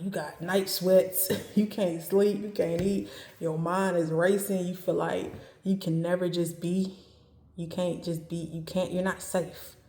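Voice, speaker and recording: A woman giving dating advice in a casual talk to camera, speaking calmly and evenly and driving her points home by repeating them. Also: fairly low pitch, vocal fry, echoey room. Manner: calm, even, straight-talking with emphatic repetition.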